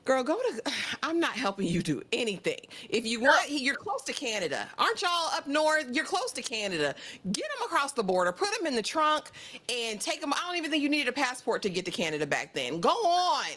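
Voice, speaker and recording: A woman co-hosting a casual TV recap chat, sassy and animated, often acting out the characters she quotes. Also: high-pitched, brisk. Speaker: podcast co-host.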